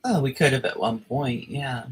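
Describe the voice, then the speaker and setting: A woman's voice: a bass voice, normal speed, slightly rough, poor audio. A woman hosting a livestream in casual chat, laughing often as she talks. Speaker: streamer host.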